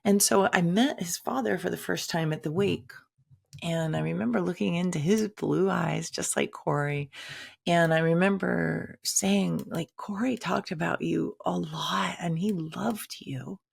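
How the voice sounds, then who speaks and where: A woman's voice: lowish voice, measured pace, gravelly, husky. A woman telling a personal story in a candid, conversational way, acting out quoted lines dramatically. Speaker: shaman and teacher.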